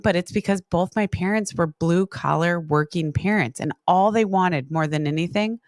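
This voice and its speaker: A woman guest in a conversational interview, telling stories in a lively, animated way and acting out what others said. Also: fairly low pitch, no echo, studio quality. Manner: lively, animated storyteller who acts out quotes. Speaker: podcast guest.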